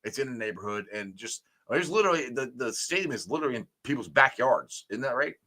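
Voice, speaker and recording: A man hosts a casual sports talk show, and his voice has a bright, forceful edge. He rambles comfortably through his opinions and often lets his sentences fade out. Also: mid-range voice, sing-song, quick pace. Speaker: sports podcast host.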